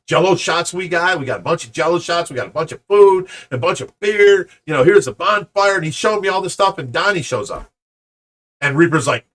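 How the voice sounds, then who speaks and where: A man's voice: on the high side, a bit bright. A middle-aged man from Ohio hosting a fish rescue channel, rambling through a story and acting out both sides of an argument. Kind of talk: casual storytelling to viewers.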